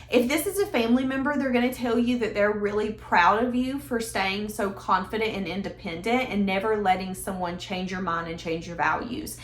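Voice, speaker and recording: Chatty woman in an echoey room. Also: on the high side. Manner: chatty, emphatic, conversational. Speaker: tarot reader. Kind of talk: casual tarot reading.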